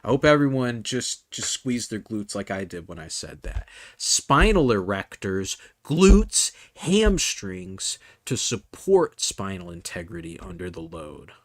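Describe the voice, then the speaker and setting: A man hosts a loose comedy podcast, laughing easily and rambling through his points. His pitch swings widely while his delivery stays slow. He sounds dry and close to the mic. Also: big pitch swings, no echo. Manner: laughs often, rambling with many fillers and restarts. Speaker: podcast host. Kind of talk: casual comedic podcast chat.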